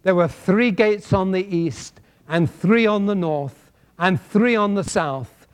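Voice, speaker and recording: English pastor guy preaching, highish voice, goes loud then quiet and storytelling. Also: slow pace, smooth. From England. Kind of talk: sermon.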